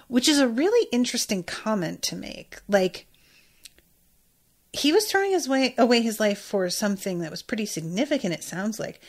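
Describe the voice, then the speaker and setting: A woman's voice: medium pitch, lively intonation, moderate pace. A woman podcast host recaps an episode in casual chat, talking in a mid-range voice. She reacts in an emphatic, exclamatory way, with frequent swearing.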